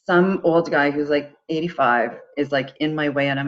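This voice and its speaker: A middle-aged woman, a podcast guest telling her own story in a casual, animated way and acting out the conversations she retells. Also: low voice, normal speed, few pauses, highs cut off. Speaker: podcast guest, charity founder.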